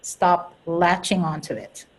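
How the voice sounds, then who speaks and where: A woman's voice: fairly low pitch, takes it slowly, breathy edge, rough recording. A woman talking casually about spiritual growth, earnest and laughing at herself now and then. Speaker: host and spiritual coach.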